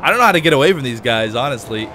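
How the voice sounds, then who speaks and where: Male gaming host, let's play commentary, jumpy and excitable, car engines and gunfire clearly heard underneath. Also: medium pitch, rapid-fire, slight background noise. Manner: excitable, panicky exclamations under fire.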